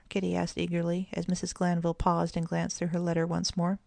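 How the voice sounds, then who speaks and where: A woman narrating a children's storybook in a gentle, even storytelling manner. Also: on the low side, brisk, vocal fry, hardly any pauses, no echo. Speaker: audiobook narrator.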